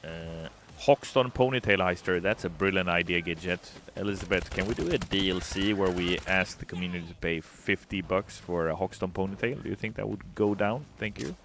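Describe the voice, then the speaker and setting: A man's voice: low-pitched, fairly quick, hardly any pauses, a bit bright, slight background noise. A man, a game developer on a livestream, chatting casually, joking and reading out chat comments. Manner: chatty, jokey, reads chat aloud.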